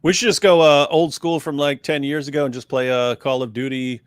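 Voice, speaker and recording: A man's voice: mid-range voice, steady tone, a little fast, clear, resonant tone, dry recording, clean studio sound. A man co-hosting a live stream in casual chat, making wry, joking asides. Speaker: livestream co-host.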